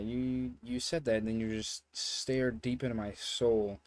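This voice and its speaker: A man's voice: medium pitch, little pitch movement, normal speed, no echo. A young man telling a story in a casual vlog, rambling and joking, with some swearing. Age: young adult. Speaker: vlogger.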